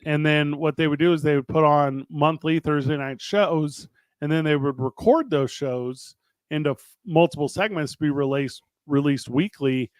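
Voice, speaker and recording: A man's voice: fairly high pitch, moderate pace, dry recording. A man in his thirties, co-host of a talk show, telling stories casually and acting out both sides of conversations with frequent laughs. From St. Louis area, Missouri. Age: 30s. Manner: chatty storyteller, acts out both sides of dialogue, laughs often. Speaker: podcast co-host and wrestling promotion co-owner. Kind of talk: casual chat.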